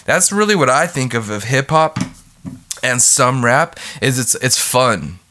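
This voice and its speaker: A man's voice: mid-range voice, big pitch swings, unhurried, bright, forceful tone, slight background noise. A man hosting his own podcast, talking in a rambling, goofy way, swearing freely and breaking off into bits of song. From United States. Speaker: podcast host. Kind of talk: rambling solo podcast talk.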